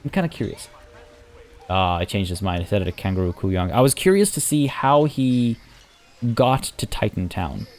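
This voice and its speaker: A man casually commenting as he plays a zoo-building game, rambling and chatty, often restarting sentences and filling pauses. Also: deep voice. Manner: rambling, chatty, self-correcting with fillers. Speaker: let's play host.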